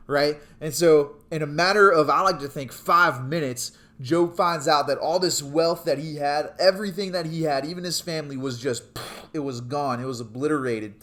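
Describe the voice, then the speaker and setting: Young guy youth pastor telling stories, jokey and chatty, slightly high voice. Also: a little fast, hardly any pauses, a bit bright. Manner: chatty, joking, storytelling. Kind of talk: casual youth sermon video.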